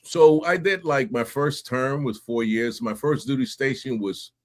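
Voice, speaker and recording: A middle-aged man from New York, a podcast guest telling his stories in casual, animated talk, often laughing and acting out voices. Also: medium pitch, unhurried. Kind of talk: casual interview storytelling.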